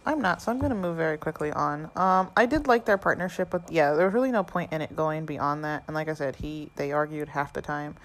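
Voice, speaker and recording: A woman's voice: low-pitched, a little fast, few pauses, rough recording. A woman co-hosting a podcast, casually recapping a movie scene by scene. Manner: chatty, recaps with quoted lines. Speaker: podcast co-host.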